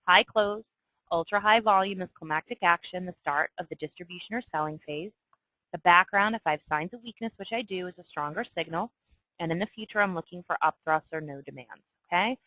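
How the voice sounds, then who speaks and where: A woman's voice: fairly low pitch, fairly quick, sharp tone, dry recording, low-quality recording. A woman teaching stock chart reading in a chatty, emphatic way, often checking in with "okay?". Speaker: trading instructor. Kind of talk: screen-share trading tutorial.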